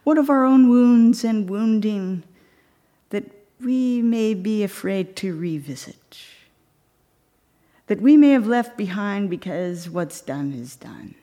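With a warm tone and lively intonation at medium pitch, a woman preaches a reflective sermon. Her storytelling sometimes slows and falls to almost a whisper.

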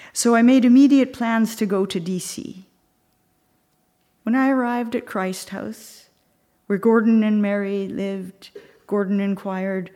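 Her voice sits in the middle range with a darkish color. Delivering a thoughtful sermon built around a story, she now and then slows and drops almost to a whisper.

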